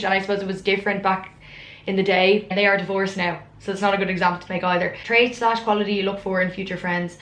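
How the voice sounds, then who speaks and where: This vlogger is an Irish woman in her twenties answering questions casually on camera, candid and self-mocking in a chatty way. Her voice sits at a medium pitch with a slightly bright tone, and the room gives it a noticeable echo.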